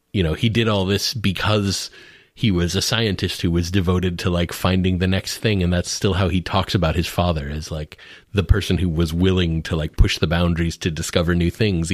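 A man's voice: sits low, fairly even intonation, moderate pace, dry recording, studio quality. A man co-hosting a podcast, talking casually about movies with many restarts and fillers. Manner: laughs while describing scenes. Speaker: podcast co-host. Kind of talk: casual film discussion.

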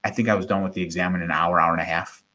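A middle-aged man, a guest, telling a personal story in conversation, animated and acting out quoted voices. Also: sits low, very fast, slight background noise. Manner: animated, acts out quoted voices, repeats words.

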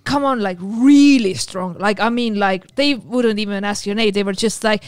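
A woman's voice: medium pitch, normal speed, few pauses, clear, resonant tone, dry recording. A young woman from Estonia with an Estonian accent, chatting casually as a podcast guest, rambling with lots of restarts and fillers. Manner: rambling, full of "like" and restarts, laughs often. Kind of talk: casual chat.

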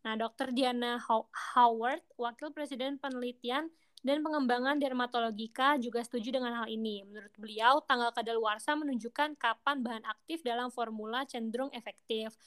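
Fast-talking chatty young woman radio host. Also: a little high, fairly bright tone. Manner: chatty, slangy, eager. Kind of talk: casual radio chat and news reading.

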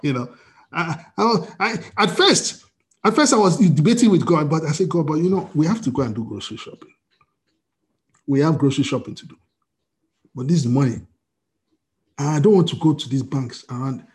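Husky storytelling male pastor. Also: a little high, animated, a little fast, pauses often. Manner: storytelling with quoted dialogue, wide swings in loudness. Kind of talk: sermon. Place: church service via video call.

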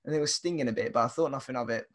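A man's voice: medium pitch, rapid-fire. A young man, co-hosting a podcast and telling a story in casual chat, laughing often and using lots of fillers. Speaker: podcast co-host.

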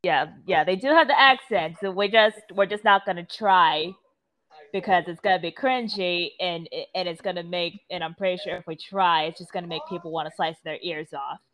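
A woman's voice: lowish voice, normal speed, fairly bright tone. A woman chatting casually with her role-play partner, stammering and swearing casually. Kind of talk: casual chat. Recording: dull lo-fi sound.

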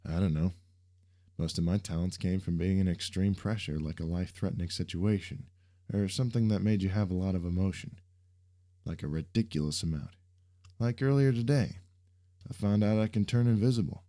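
A man's voice: deep voice, normal speed, warm tone, lightly acted. A man voicing an earnest young male superhero who speaks in an insistent, encouraging way.

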